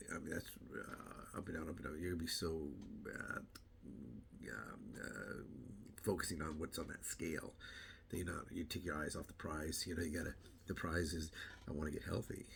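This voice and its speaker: Low gravelly fast-talking man. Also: steady tone, fairly bright tone, a little hiss or hum. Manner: rambling, repeats words, acts out other people's lines. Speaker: weight-loss vlogger. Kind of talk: casual monologue to camera.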